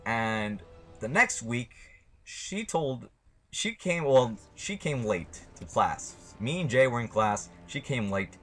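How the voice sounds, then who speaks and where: A man's voice: mid-range voice, big pitch swings, takes it slowly, faint music behind. A young man telling a story to his camera in a casual, rambling way, swearing often and speaking bluntly. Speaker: vlogger.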